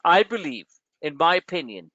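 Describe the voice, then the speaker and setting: In a slightly high voice at normal speed, this male trading show host keeps a live market webinar lively with brash jokes, repeatedly saying "my friend" to listeners. The lo-fi stream sounds dry and dull, with no room sound.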